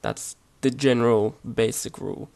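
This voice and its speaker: A male language teacher gives a casual home-made lesson in a mid-pitched, gravelly voice. His delivery is halting and relaxed but hesitant, with lots of fillers and restarts.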